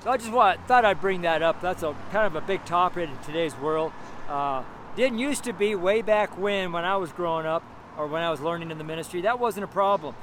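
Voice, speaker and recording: A man with a notably high voice preaches and prays out on a city street, hammering home his points by repeating them again and again. His talk is loose and emphatic, full of little fillers. Faint traffic rolls by in the background. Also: a little fast, a bit bright. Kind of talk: street sermon and prayer.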